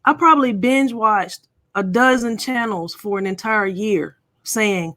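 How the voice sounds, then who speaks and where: A woman's voice: mid-range voice, a little slow, a bit bright, no room sound, clean studio sound. A middle-aged woman hosting a casual live stream, chatting and playfully teasing viewers.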